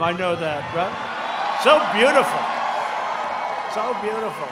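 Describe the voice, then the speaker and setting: An older man in his seventies speaks at an outdoor rally, rambling and repeating his phrases. His voice sits fairly high, and he lurches between shouted lines and quieter asides. The sound is roomy and echoey, with steady crowd noise underneath. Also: measured pace. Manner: rambling, repetitive, swings from loud shouts to low asides. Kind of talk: rally speech.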